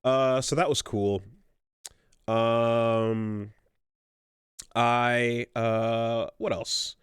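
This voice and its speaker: A man's voice: mid-range voice, steady tone, extremely slow, clear, resonant tone, no room sound, clean studio sound. A middle-aged man co-hosting a podcast in casual chat, rambling with lots of fillers and restarts. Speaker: podcast co-host.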